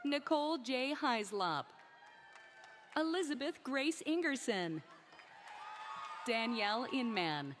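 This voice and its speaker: Brief: female name reader at a graduation, slow, lilting delivery, loud crowd and noise behind. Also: fairly high pitch, big pitch swings. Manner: slow, careful name reading. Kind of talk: reading graduates' names at a ceremony. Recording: crowd and noise of a large ceremony.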